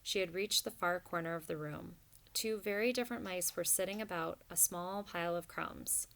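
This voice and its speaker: A woman narrating a storybook in a steady, even reading voice. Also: on the low side, moderate pace, gravelly. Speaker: audiobook narrator.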